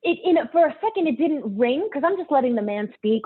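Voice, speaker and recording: A young woman singer tells lively stories, slipping into other people's voices and laughing easily. Her voice sits a little high, and the sound is thin and phone-like. The recording is dry and close, with no room around it. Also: fast talker, husky, dry recording. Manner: animated, acts out quotes, laughs often. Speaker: singer and guest. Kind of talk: storytelling in a casual interview. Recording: tinny phone-line sound.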